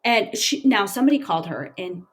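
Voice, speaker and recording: Woman recounting a hard story, halting. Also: mid-range voice, animated. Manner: plain, halting retelling with frequent fillers. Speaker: interview guest. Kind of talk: personal storytelling interview.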